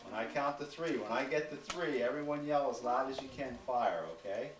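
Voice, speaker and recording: A man's voice: medium pitch, brisk. A man, a firefighter, patiently teaching fire safety to preschool children, asking them lots of simple questions. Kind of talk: classroom talk to small children. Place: preschool classroom. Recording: echoey room from far off, noisy.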